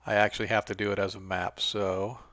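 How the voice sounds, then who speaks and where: A man's voice: on the low side, flat delivery, fairly quick, fairly bright tone, dry recording. A man acting as game master, chatting loosely and trailing off mid-sentence while he sets up maps for an online game. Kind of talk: casual pre-game chat.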